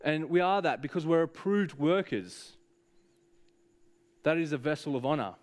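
A man's voice: a little high, expressive, normal speed. A man preaching a sermon, speaking earnestly and directly to the congregation with frequent hesitations.

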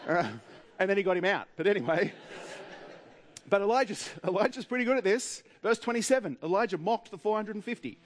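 A man with an Australian accent preaching a sermon in a wry, humorous way, with dramatic pauses. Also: sits high, animated.

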